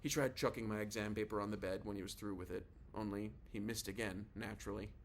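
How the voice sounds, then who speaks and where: A man's voice: lowish voice, fairly even intonation, fast talker, gravelly, a little hiss or hum. Man reading a novel in first person. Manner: casual, confiding storytelling. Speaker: audiobook narrator.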